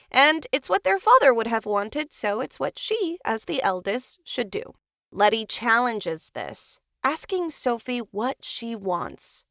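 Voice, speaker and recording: A woman's voice: on the high side, sharp tone, dry recording, studio quality. A woman co-hosting a podcast, recapping a film in a chatty, playful way. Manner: chatty and playful, cheering the heroine on. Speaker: podcast co-host. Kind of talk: reading a film recap, with asides.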